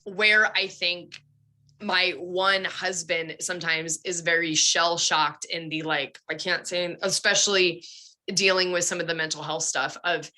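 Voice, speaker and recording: A young woman telling animated, chatty stories in a casual podcast conversation. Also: lowish voice, measured pace.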